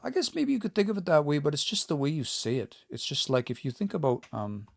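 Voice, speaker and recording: A man's voice: fairly high pitch, very animated, fast talker, gravelly, no echo, clean studio sound. Man teaching casually on a livestream. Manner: explains patiently, thinking aloud, reads out viewer comments. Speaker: language teacher.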